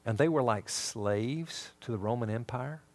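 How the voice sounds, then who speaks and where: Through animated storytelling and acted-out dialogue, a man teaches a Bible lesson in the style of a sermon. His voice is medium-pitched, and he keeps a measured pace.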